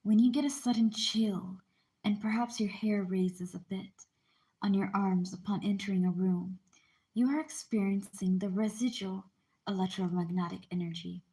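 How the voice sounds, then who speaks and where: Mellow-voiced woman reading aloud casually. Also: mid-range voice, fairly even intonation, normal speed. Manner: informal, breaks off to explain and apologize. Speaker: channel host reading a book aloud. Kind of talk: casual read-aloud with chatty asides.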